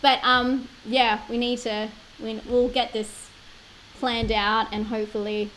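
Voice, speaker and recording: Late-twenties Australian woman, giggly and chatty streamer, bright higher voice. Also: little pitch movement, unhurried, slight background noise, poor audio. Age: 20s. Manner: chatty, laughs often, many likes and fillers. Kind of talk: casual live-stream chat.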